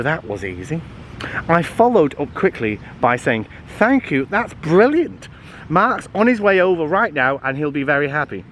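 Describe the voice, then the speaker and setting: A man reading a children's book aloud in a lively, playful way, adding little asides and the odd slip. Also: fairly high pitch, a little hiss or hum. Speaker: storybook reader.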